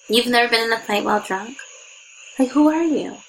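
A woman co-hosting a podcast, telling stories in an animated, laughing way while tipsy from drinking. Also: a little high, a little fast, a little hiss or hum, poor audio. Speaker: podcast co-host. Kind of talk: casual chat.

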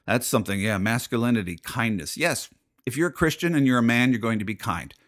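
A man's voice: mid-range voice, animated, a little fast, fairly bright tone. Fired-up, emphatic preaching man. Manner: emphatic, preachy, rhetorical questions. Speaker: podcast host and pastor. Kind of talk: fired-up spoken monologue.

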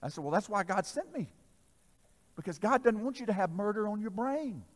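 High-voiced preacher man in echoing hall. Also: expressive, fairly quick. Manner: swings between loud exhortation and soft asides, audience call-and-response. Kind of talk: sermon with storytelling. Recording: long reverb of a large hall.

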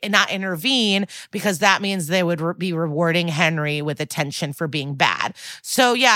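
A woman's voice: fairly low pitch, a bit bright, dry recording. A woman co-hosting a podcast, chatting casually through an episode recap. She swears freely and laughs often. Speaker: podcast co-host.

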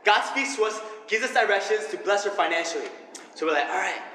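A young man preaches with a high, bright voice, excited and laughing as he tells his stories. His voice rings through a long, echoey hall with faint room ambience behind. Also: fast talker, slight background noise. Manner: energetic, animated, laughs often. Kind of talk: sermon with personal stories.

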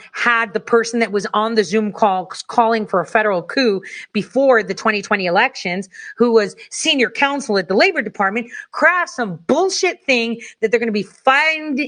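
Angry woman going off on a sweary rant, kinda high voice, talks fast when heated. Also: fairly bright tone. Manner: heated, profane, rapid-fire ranting.

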